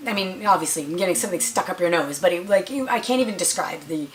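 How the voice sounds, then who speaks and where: A young woman vlogger telling a story to the camera in a casual, animated way, full of fillers and acted-out quotes. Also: fairly low pitch, quick pace, rough recording.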